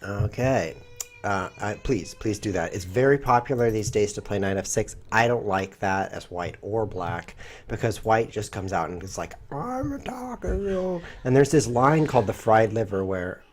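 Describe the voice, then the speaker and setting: A man's voice: fairly low pitch, normal speed. A man streaming a chess game, thinking aloud in a playful, rambling way. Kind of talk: live chess commentary.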